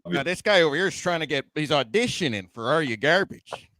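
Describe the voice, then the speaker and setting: A man's voice: fairly high pitch, expressive, fairly quick, pushed and bright, no room sound, studio quality. A young adult man from the Bay Area, a comedian guest chatting casually on a podcast, joking and laughing often. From San Francisco Bay Area. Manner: jokey, laughs often, slips into silly voices.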